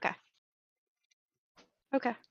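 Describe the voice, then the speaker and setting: A woman's voice: takes it slowly, fairly bright tone, no echo, lo-fi sound. A woman in a tabletop game session, talking hesitantly and stammering in casual chat.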